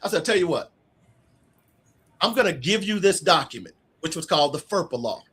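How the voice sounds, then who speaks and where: Animated middle-aged male storyteller. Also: a little high, fairly quick, husky. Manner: animated storyteller acting out quoted dialogue. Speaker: author guest. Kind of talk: casual storytelling interview.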